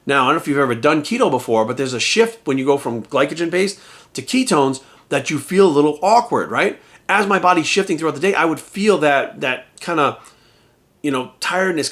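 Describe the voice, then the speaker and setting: Male fitness coach, quick talker with a slightly high voice, swears nonstop, heated rhetorical vlog rant. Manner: animated, swears constantly, rhetorical asides. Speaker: bodybuilding coach. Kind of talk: profane casual vlog rant. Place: at home.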